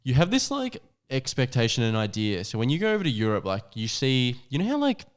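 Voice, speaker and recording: A man's voice: mid-range voice, huge pitch swings, a little fast, smooth. A young adult man, co-hosting a podcast and telling a rambling travel story with lots of "like" and swearing. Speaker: podcast co-host. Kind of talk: casual chat.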